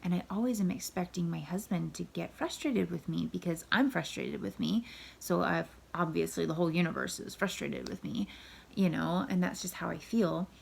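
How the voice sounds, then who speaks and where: A woman's voice: fairly low pitch, normal speed. A woman in her thirties, a wife and mother, talking candidly and at length to her viewers in a casual vlog. She sounds tired and self-critical, and often drops to a near whisper. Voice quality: gravelly, husky.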